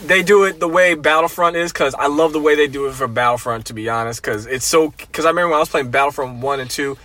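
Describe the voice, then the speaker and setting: A man from Texas co-hosting a casual gaming podcast, excitable and quick to exclaim. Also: fairly high pitch. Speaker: podcast co-host. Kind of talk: casual chat.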